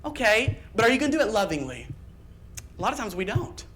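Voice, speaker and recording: A man's voice: sits high, big pitch swings, a bit bright, a little hiss or hum. Earnest man preaching a church sermon. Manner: earnest, emphatic delivery with quick bursts and repeated phrases. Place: church sanctuary.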